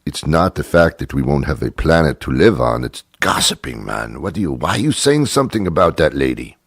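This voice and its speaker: Sarcastic ranting talk-show host, deep voice. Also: male voice, very animated, fairly quick, breathy edge, no room sound, clean studio sound. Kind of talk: comic monologue.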